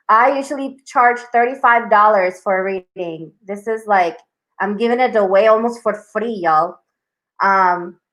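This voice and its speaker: A woman's voice: medium pitch, rough recording. A young woman hosting a live tarot stream, chatting casually with viewers in a bubbly, scattered way and saying "y'all" a lot.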